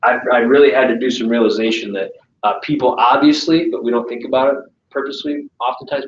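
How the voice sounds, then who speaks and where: A man's voice: medium pitch, slight background noise. A man giving a casual training talk to a live audience, chatty, often checking in with "right?" and acting out client calls. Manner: conversational, keeps asking "right?"; acts out client phone calls. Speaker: sales trainer. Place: meeting room with a live audience. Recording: echoey, distant, dull room recording.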